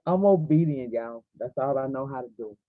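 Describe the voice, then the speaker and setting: A woman's voice: rumbling low, expressive, normal speed, no room sound. A woman in her forties hosting a livestream, preaching fervently and speaking straight to her viewers. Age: 40s. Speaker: livestream host. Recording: tinny phone-like audio, dry.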